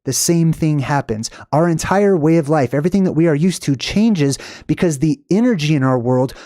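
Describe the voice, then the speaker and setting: A man's voice: on the high side, expressive, moderate pace, dark tone, no room sound, clean studio sound. A man hosting his own channel, explaining lore in a casual livestream lecture, rambling with many "um"s and asking "right?" to check in. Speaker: channel host.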